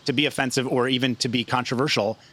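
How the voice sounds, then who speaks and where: A man's voice: medium pitch, steady tone, fast, a bit bright. A man hosting a podcast, chatting casually with frequent restarts and laughter. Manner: hesitant, many restarts, laughs often. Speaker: podcast host. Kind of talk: casual chat.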